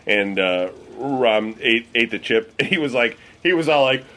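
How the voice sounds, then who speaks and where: A man's voice: medium pitch, lively intonation, moderate pace, sharp tone. A man telling a story in a casual chat among friends, stumbling over words and repeating himself. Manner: stammering, laughs easily at his own story.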